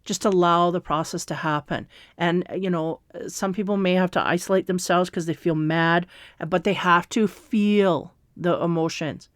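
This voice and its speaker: Smooth-voiced woman giving a slow tarot reading. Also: lowish voice, steady tone, no room sound, clean studio sound. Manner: slow, meandering, reassuring, with fillers and soft laughs. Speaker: tarot reader. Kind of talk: spiritual tarot reading, casual monologue.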